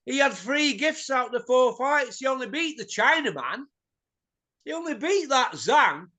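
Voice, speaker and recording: A man's voice: very high-pitched, very animated, moderate pace, sharp tone. A middle-aged man, hosting a boxing show and ranting bluntly, swearing and tossing in tag questions. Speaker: boxing pundit host. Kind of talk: opinionated ranting chat.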